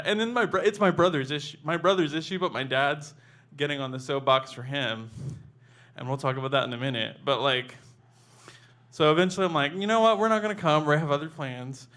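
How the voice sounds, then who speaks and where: A man's voice: mid-range voice, fairly quick, pushed and bright. A man telling a personal memoir story in a casual, conversational way, full of "like" and restarts.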